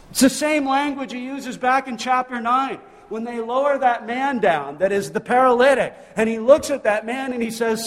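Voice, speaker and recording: A man's voice: very high voice, moderate pace, hardly any pauses, big-room sound. A male pastor preaching a sermon in a church, emphatic and full of rhetorical questions. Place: church sanctuary.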